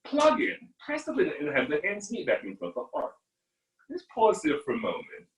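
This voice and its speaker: A man teaching a live online yoga class, giving calm guiding cues to his students. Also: sits high, normal speed. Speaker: yoga instructor. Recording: echoey room from far off.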